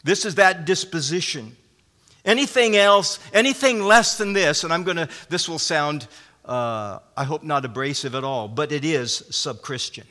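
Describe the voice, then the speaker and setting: A man's voice: a little high, expressive, moderate pace, sharp tone. A man preaching a sermon as pastor, earnest and emphatic, often restarting his phrases. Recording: long hall reverb.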